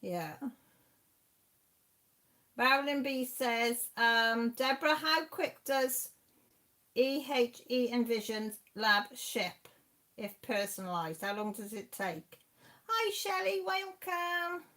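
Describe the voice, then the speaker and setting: A woman's voice: fairly high pitch, slow pace, long pauses, fairly bright tone. A Welsh woman in her sixties, a channel host chatting casually on a live stream and reading out viewer comments in a rambling, friendly way. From Wales. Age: 60s.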